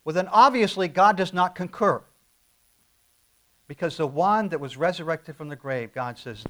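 A middle-aged male pastor preaching a sermon, swinging from loud stressed phrases down to quiet asides. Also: expressive, normal speed. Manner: emphatic, rising to loud stresses then dropping low.

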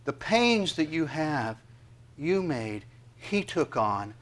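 A man preaching a sermon, talking to the congregation with rhetorical questions and swinging from loud emphasis to near whispers. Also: a little high, sing-song, slow pace. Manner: emphatic preaching with sudden loud peaks and quiet drops. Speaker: pastor.

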